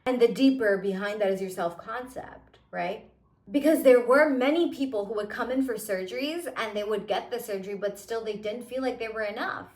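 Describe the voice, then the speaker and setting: A young woman with a fairly high voice talks straight to her viewers in a loose, chatty monologue. She keeps dropping "like" and "you know" as she goes. The room around her rings with a noticeable echo. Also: moderate pace, darkish tone. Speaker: manifestation content creator. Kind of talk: casual motivational monologue. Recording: echoey room.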